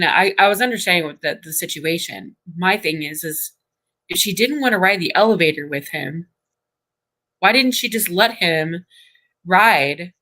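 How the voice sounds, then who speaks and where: A woman's voice: fairly low pitch, bright, forceful tone, low-quality recording. A woman hosting a live stream in casual chat, rambling and restarting her sentences as she thinks aloud. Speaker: stream host.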